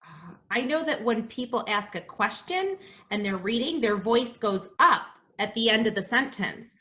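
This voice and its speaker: Bright, high-voiced woman teaching young children. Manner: animated, gasps in delight, sounds out letters slowly. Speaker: kindergarten teacher. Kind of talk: scripted reading lesson for young children.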